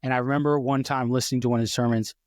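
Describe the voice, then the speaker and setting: A man co-hosts a casual faith podcast with eager, rambling enthusiasm. He trips over his words and starts sentences again as he goes. His voice sits at an ordinary pitch, and the recording sounds dry and close. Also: level tone, rapid-fire, no room sound. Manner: enthusiastic, rambling, many restarts. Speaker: podcast co-host.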